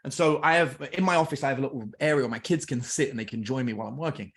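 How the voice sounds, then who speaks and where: Middle-aged English man, podcast guest, chatty storyteller who acts out dialogue, mid-range pitch. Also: racing. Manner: lively anecdotes, acts out family dialogue. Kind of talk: casual storytelling.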